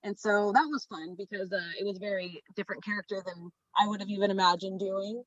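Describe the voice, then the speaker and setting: A woman guest in casual podcast chat, bubbly and excitable, with frequent fillers. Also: medium pitch, fast, dry recording. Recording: dull, dry lo-fi sound.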